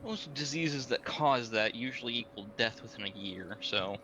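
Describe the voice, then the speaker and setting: A man's voice: medium pitch, animated, normal speed, bright, forceful tone, a little hiss or hum, poor audio. A man playing in a tabletop game, speaking politely and diplomatically. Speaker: player.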